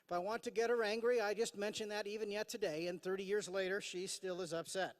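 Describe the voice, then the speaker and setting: A high-voiced man in his fifties delivers a formal commencement address at a podium mic. He sounds earnest, with frequent "uh" fillers and dry self-deprecating humor. His voice rings out with a long reverb in a large hall. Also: fairly even intonation, quick pace. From Idaho, USA. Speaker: commencement speaker. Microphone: podium microphone.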